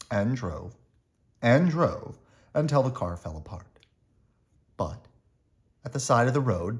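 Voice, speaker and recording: A man reading a children's picture book aloud as a bedtime story, with expressive storytelling. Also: mid-range voice. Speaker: storybook reader. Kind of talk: children's read-aloud narration.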